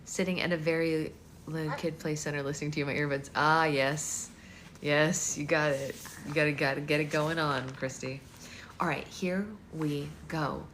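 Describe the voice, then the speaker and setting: A woman hosting a livestream book club, reading a novel aloud and cooing softly to a baby between passages. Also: low voice, steady tone, normal speed. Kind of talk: casual livestream read-aloud and chat. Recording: loud background noise.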